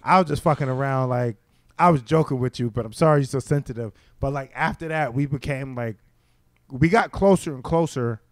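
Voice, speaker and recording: A man's voice: medium pitch, fairly quick, no echo, studio quality. A man, a stand-up comedian telling stories in casual chat and acting out the people he quotes. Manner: animated storyteller, acts out quoted voices. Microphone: studio mic.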